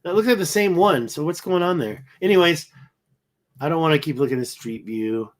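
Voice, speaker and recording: A man's voice: a little high, expressive, normal speed. A tired man hosting a casual livestream, rambling and thinking aloud as he looks through photos. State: tired, yawning. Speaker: livestream host.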